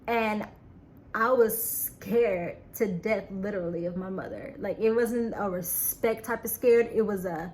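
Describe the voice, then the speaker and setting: A woman telling a personal story to camera, halting and earnest, repeating words and restarting sentences, often trailing off quietly. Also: mid-range voice, a little hiss or hum. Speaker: vlogger.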